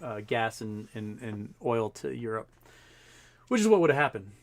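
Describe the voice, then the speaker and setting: A man's voice: on the low side, sing-song, normal speed. A man hosting a casual livestream, rambling through commentary with lots of fillers and the odd profane aside. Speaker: livestream host.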